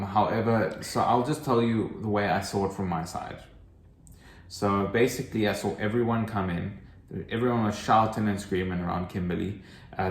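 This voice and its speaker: Deep-voiced man calmly retelling events. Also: roomy sound. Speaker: new father telling his birth story. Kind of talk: casual chat.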